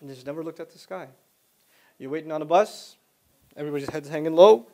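A man with a fairly high voice delivers a religious lecture to an audience. He is animated and joking, and he walks through his ideas with patient, repeated everyday examples. He often slips into acted-out voices when quoting people. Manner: animated, joking, acts out quoted speech; explains slowly with repeated examples. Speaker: Islamic lecturer.

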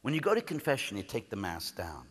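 A man, a priest, giving a conference sermon and telling stories lively, acting out the people he quotes. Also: on the low side, fast talker. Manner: animated storytelling, acts out the people he quotes. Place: large conference hall. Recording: hall reverb from a venue PA.

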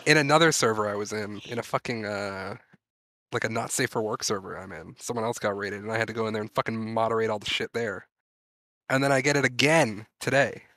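A man's voice: lowish voice, a little fast, sharp tone, dry recording. A man co-hosting a podcast, laid-back and blunt, swearing freely. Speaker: podcast co-host. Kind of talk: casual podcast chat.

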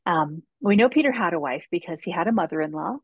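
A woman's voice: lowish voice, expressive, fast talker, slightly rough, no echo, narrow, tinny audio. A woman guest author telling a faith story in an earnest way on a casual podcast, with frequent ums and restarts.

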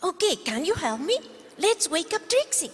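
A woman leading a kids' church lesson, talking gently and encouragingly to children. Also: extremely high pitch, sing-song, normal speed, in a large hall.

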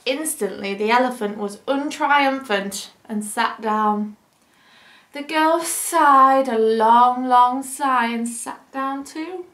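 A woman teacher reading a picture book aloud for children, adding gentle, chatty asides to young listeners. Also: high-pitched, slow. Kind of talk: children's story time reading. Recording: roomy echo.

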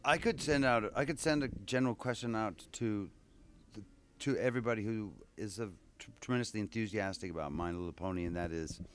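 A man's voice: fairly low pitch, a little fast. Rambling, musing man in an interview. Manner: musing, full of restarts and asides. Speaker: voice actor guest. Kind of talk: casual convention interview.

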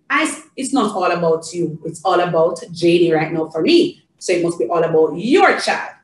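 Animated Jamaican woman, sing-song storytime voice. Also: lowish voice, moderate pace, echoey room, far from the mic, rough recording. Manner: sing-song, animated, shifting between coaching parents and coaxing a child. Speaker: early childhood educator. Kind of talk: demonstrating reading a storybook to a toddler.

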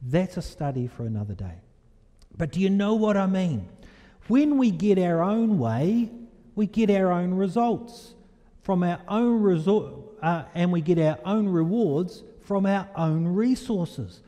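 A man preaching a sermon in a church, animated and storytelling, asking the congregation questions. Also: sits high, measured pace. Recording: echoey hall reverb.

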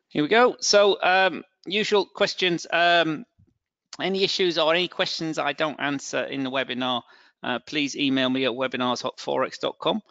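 A man's voice: medium pitch, gravelly, a bit bright, no room sound. A middle-aged man with a northern English accent presenting a live trading webinar, hesitant and full of fillers and restarts. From England. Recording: dull, dry, lo-fi webinar audio.

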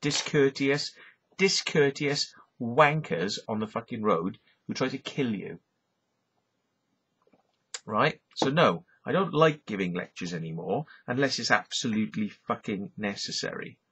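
Middle-aged Welsh man, husky combative ranter, dull lo-fi vlog audio, swears constantly. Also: medium pitch, expressive, measured pace, fairly bright tone. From Wales. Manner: sweary, combative, repeats "right?" and "yeah?". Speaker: YouTube vlogger. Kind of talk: profane ranting monologue. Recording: dull lo-fi recording.

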